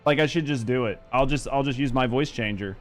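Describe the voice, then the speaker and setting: A man's voice: medium pitch, fairly quick, faint music behind. A young adult man streaming a game, bantering loosely with chat, swearing and joking. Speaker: streamer and gaming host. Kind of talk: casual live-stream chat.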